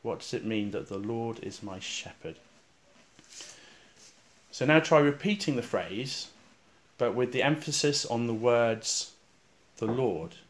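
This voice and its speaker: Male preacher, sermon-style guided meditation, calm and reflective, unhurried with pauses, hushed on recited verses. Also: mid-range voice. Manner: calm and reflective, with slow pauses, dropping soft on repeated verses.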